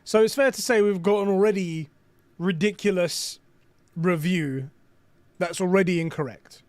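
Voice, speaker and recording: Excitable, foul-mouthed male streamer. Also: high voice, normal speed, dry recording. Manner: excitable, swears often, reacts aloud while reading. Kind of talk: casual live-stream chat.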